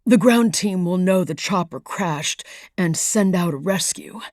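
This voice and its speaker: A woman's voice: fairly low pitch, measured pace, darkish tone, no room sound, studio quality, close to an everyday voice. A woman reading an audiobook voices an injured male agent who speaks choked and through gritted teeth, strained with pain.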